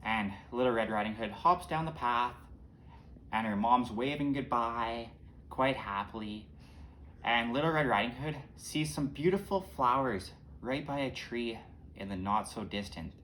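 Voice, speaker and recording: Casual male storyteller, relaxed delivery. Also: mid-range voice, a little slow, a little hiss or hum. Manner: relaxed, informal retelling with small restarts.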